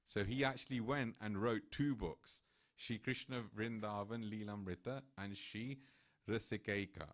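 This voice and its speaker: A man's voice: mid-range voice, measured pace. A man giving a temple talk, telling a devotional story and acting out the characters' voices. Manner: animated, acts out quoted voices. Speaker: temple speaker. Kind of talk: sermon storytelling.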